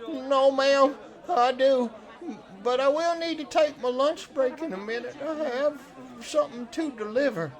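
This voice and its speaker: A man's voice: very high voice, measured pace, a faint crowd, pitched above the performer's own voice. A man doing a hooting goofy fish-camp boy. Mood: eager. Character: excitable young male fish-camp worker, goofy.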